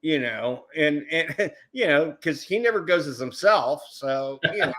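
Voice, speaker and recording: A man chatting casually on a group video chat show, telling animated stories, acting out the people he quotes and often restarting his words. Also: fairly high pitch, a little slow. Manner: self-interrupting, repeats words.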